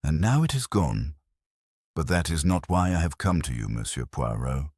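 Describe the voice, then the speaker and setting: A man reading a frightened, elegant woman of about thirty in a storybook mystery. She speaks low and anxious and keeps her composure under strain, in a very deep, husky voice. The sound is dry and close. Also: big pitch swings, moderate pace, darkish tone, no room sound, heavily acted.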